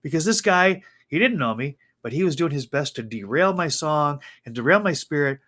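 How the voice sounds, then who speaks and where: Man, co-host, casual chat, animated storytelling, higher pitch, very lively. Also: moderate pace. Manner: animated storytelling with faith talk.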